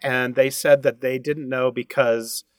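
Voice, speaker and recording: A man's voice: medium pitch, fairly even intonation, unhurried, dry recording. A man speaking as a guest in a casual podcast interview, recounting events in an easygoing way.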